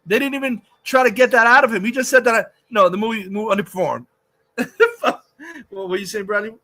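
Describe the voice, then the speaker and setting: Man, livestream host, high voice, bright tense tone, profane ranting. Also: brisk. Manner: heated, cursing, mocking.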